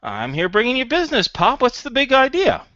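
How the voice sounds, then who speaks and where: A man voicing a sheepish, scheming young man who pleads in a quick, high-strung way. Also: huge pitch swings, sharp tone, dry recording, dull audio, full character voice. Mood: defensive. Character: nervous scheming young male son, sheepish.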